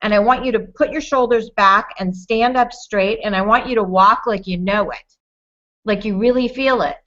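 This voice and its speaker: Woman guest, bright and crisp, upbeat coaching, lo-fi sound. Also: medium pitch, moderate pace. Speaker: guest, entrepreneur. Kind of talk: interview answers. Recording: dull lo-fi audio.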